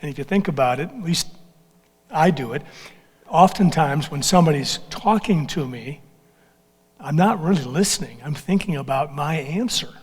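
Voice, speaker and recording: A man's voice: on the high side, animated, moderate pace, husky. Reflective male moderator in a hall. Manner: reflective, speaks in loose musing phrases. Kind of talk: moderated discussion. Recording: reverberant hall.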